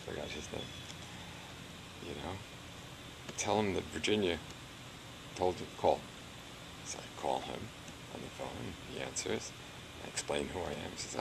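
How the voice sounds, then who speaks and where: A man's voice: low voice, expressive, moderate pace, gravelly, pauses often, noisy background. An older man recounting his past in an oral history interview, rambling and chuckling, with many "you know"s.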